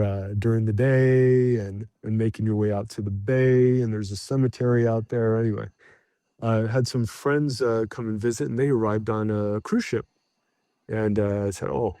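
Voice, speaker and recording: A man's voice: lowish voice, moderate pace, no echo. A middle-aged man, a podcast guest, telling a travel story casually with lots of fillers and restarts. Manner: animated anecdote teller, acts out shouted quotes.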